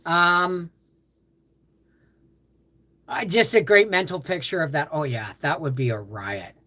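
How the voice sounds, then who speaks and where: An older woman with a notably low voice hosts a casual livestream. She rambles from story to story, often stops mid-sentence to restart, and picks up comments from viewers as they come in. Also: slow pace, a bit bright. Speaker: livestream host.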